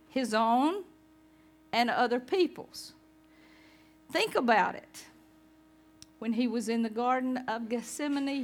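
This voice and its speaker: A woman pastor giving a conversational sermon, chatting with her congregation. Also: a little high.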